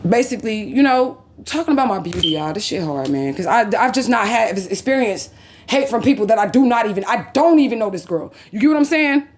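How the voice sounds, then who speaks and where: A woman's voice: a little high, expressive, brisk, darkish tone, a little hiss or hum. A woman vlogger angrily telling a personal story, cursing often and retelling a quarrel in quotes.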